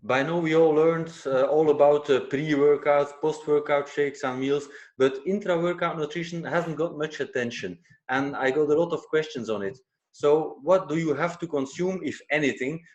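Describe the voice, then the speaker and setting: A man's voice: fairly high pitch, normal speed, a little mellow, lo-fi sound. A man interviewing, reading out listener questions with a hesitant delivery full of filler sounds.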